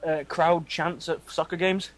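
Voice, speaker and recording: A man in casual banter with friends, chatty and quick to laugh. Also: a little high, little pitch movement.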